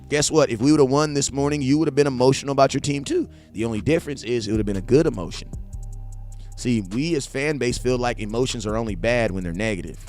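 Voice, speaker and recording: A young man hosting a sports fan live stream, talking casually and bluntly in slang, answering chat, often building to impassioned near-shouting. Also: mid-range voice. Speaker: sports fan show host.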